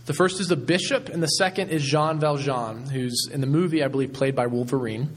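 A man preaching a sermon as pastor, retelling a story in a measured way with frequent ums. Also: mid-range voice.

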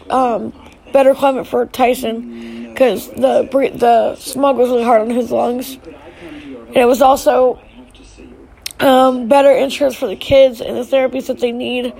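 A middle-aged woman on a live stream giving an emotional personal message to her family. She talks in a halting, tearful way, with sighs and restarts. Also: high-pitched, vocal fry, dark tone, poor audio.

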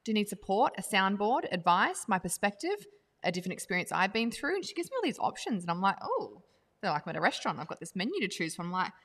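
A woman hosting a podcast, talking fast and animatedly in casual chat. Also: mid-range voice, very animated, fairly bright tone, in a large hall. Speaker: podcast host.

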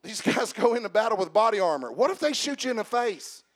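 High-voiced man preaching with fervor. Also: very animated. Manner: shouts and slows for emphasis, then drops to quiet asides; addresses the congregation directly with humor. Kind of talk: sermon.

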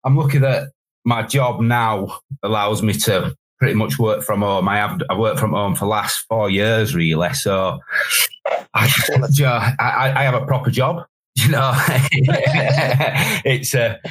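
A man's voice: fairly low pitch, moderate pace, a bit bright, rough recording. A man in his forties from West Yorkshire with a Yorkshire accent, chatting candidly as a podcast guest and rambling with repeated words. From West Yorkshire, England. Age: 40s. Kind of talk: casual chat.

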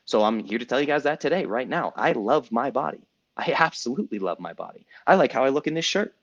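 A man in his thirties speaking as a coach to his group, his pitch rising and falling with lots of energy. He talks emphatically, repeats lines for effect and swears casually. The sound is a bit dull and lo-fi. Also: sing-song, fast talker. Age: 30s. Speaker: coach and podcast host. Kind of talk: group coaching call monologue.

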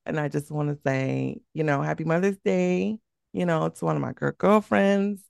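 A woman's voice: low voice, normal speed, creaky, a little mellow, smooth, no room sound, clean studio sound. A woman co-hosting a podcast, chatty and teasing, still recovering from a sore throat. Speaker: podcast co-host. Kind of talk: casual podcast chat.

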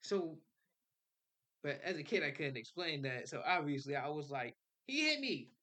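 A man's voice: on the high side, normal speed, fairly bright tone. A young man hosting a podcast, telling a personal story in casual slang, swearing and laughing as he goes. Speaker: podcast host.

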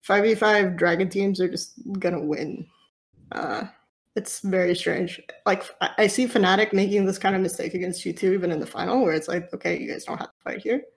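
A woman analyst in a casual panel discussion, talking through game strategy quickly with frequent restarts. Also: fairly low pitch. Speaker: esports analyst.

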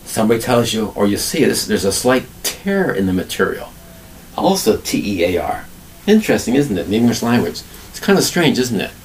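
A man teaching an English vocabulary lesson alone, spelling words out slowly and asking rhetorical questions. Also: medium pitch, far from the mic, slight background noise, rough recording. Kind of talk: solo ESL vocabulary lesson.

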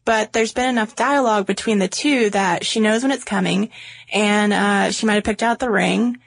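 A woman co-hosting a podcast in casual chat, relaxed and chatty. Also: medium pitch, moderate pace, creaky. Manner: chatty, relaxed, many fillers. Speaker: podcast co-host.

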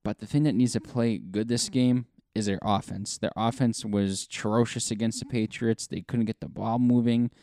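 Guy co-hosting a sports podcast, low warm voice, dry close sound, rambly. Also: steady tone, moderate pace, few pauses, no room sound. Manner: rambling, lots of fillers and restarts. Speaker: podcast co-host. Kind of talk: casual sports chat.

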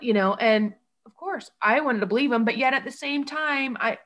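A woman telling a painful personal story in an interview. She talks in halting bursts, with many restarts and quoted speech, and she sounds shaken. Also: on the high side, fairly bright tone. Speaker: guest telling her story. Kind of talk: emotional personal account.

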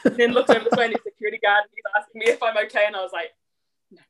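A young woman with a New Zealand accent, a podcast guest telling stories in casual chat, quick and full of fillers. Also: a little high. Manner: rapid, animated storytelling with many fillers.

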